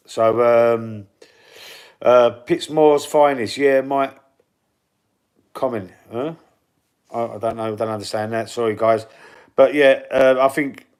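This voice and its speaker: A middle-aged man with a London Cockney accent, casually chatting through football predictions on a livestream and reading viewer comments aloud. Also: medium pitch. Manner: chatty, reads out viewer comments and predictions, stumbles and repeats words. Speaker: football channel host reading live chat.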